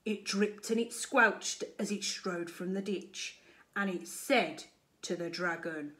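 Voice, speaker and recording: A woman primary school teacher reading a picture book aloud to children with expressive storytelling. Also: medium pitch. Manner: expressive, slow and deliberate storytelling.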